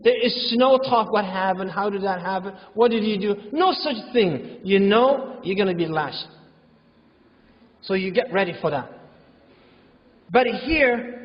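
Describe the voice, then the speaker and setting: A man giving a conversational sermon in a mosque hall, informal and repetitive, acting out quoted parents and children. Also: very high-pitched. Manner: informal, repetitive, uses religious phrases. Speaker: imam giving a talk. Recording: echoey hall, dull lo-fi sound.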